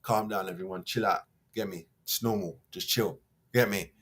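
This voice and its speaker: Husky man ranting. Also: sits low, moderate pace, a bit bright. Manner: heated, slangy and mocking. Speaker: host. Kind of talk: reading a news article then ranting about football.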